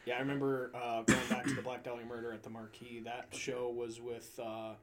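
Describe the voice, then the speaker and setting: A man's voice: medium pitch, flat delivery, a little fast, a loud crowd. A man hosting a podcast in casual chat, telling concert stories with swearing and laughter.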